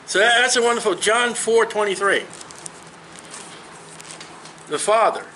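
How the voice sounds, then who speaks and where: A man's voice: high voice, a little slow, sharp tone, slight background noise, rough recording. A man in his fifties teaching a Bible study in an earnest, emphatic, personal way, talking straight to his listeners. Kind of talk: conversational Bible study preaching.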